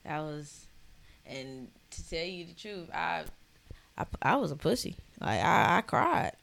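A young woman in casual chat with a gravelly, fry-edged voice. Her pitch swings widely as she tells a story. She is expressive, swears freely and laughs often. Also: unhurried, a little hiss or hum.

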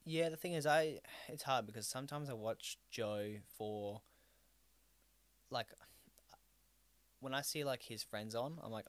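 A man's voice: medium pitch, a little slow, no room sound. An Australian man co-hosting a podcast in casual chat, rambling with lots of fillers and restarts and swearing freely. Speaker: podcast co-host.

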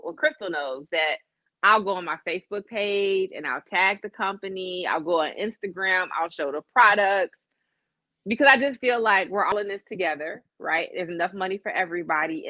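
A young woman co-hosting a casual chat, telling a story with lively swearing and acted-out voices. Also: fairly low pitch, no echo, dull audio. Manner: animated storyteller, swears freely, acts out voices and accents. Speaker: podcast co-host.

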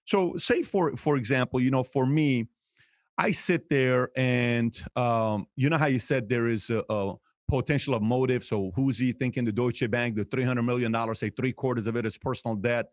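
A male host who keeps restarting his sentences as he works toward a question. His voice sits at a middle pitch. The sound is close and dry, with no room echo. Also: moderate pace. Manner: hesitant, restarts, fillers. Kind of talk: casual debate chat.

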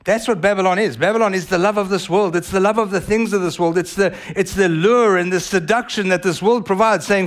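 A man with a South African accent preaching a sermon as pastor, animated and vivid in delivery. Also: high-pitched, quick pace, few pauses. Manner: animated, acts out voices of others.

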